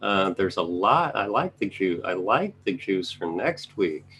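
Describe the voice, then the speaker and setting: A man's voice: deep voice, very animated, a little slow, fairly bright tone, a little hiss or hum. A man giving casual live market commentary, thinking aloud as he scans charts and making chatty asides to his viewers. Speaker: trading educator reviewing charts.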